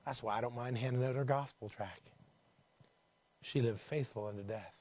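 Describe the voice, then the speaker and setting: Man preaching, swinging loud and soft. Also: medium pitch, moderate pace. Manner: conversational preaching, swinging from hushed to emphatic. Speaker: pastor. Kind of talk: sermon. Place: church.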